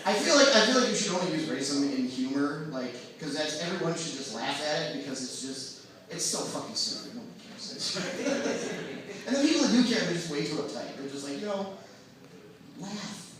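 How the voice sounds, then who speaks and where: A young man doing stand-up, rambling and self-deprecating, with plenty of fillers. His voice sits fairly high. He is heard from across a boomy bar room, with the audience murmuring around him. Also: expressive, fairly quick. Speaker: stand-up comic. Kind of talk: stand-up comedy set. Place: bar open mic night. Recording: echoey bar room from far off, crowd.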